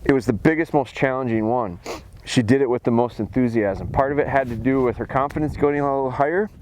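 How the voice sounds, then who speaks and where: Male dog trainer outdoors, steady explanatory delivery, mid-pitched. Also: fairly quick. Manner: calls dogs in a high excited voice, then explains calmly. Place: outdoors in snowy field.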